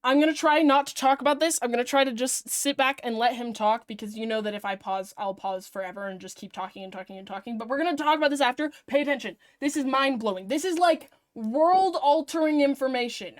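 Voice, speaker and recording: A woman's voice: fairly high pitch, brisk, few pauses. Chatty woman streamer reacting to a video. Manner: chatty, excitable, rambling. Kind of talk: casual live-stream reaction.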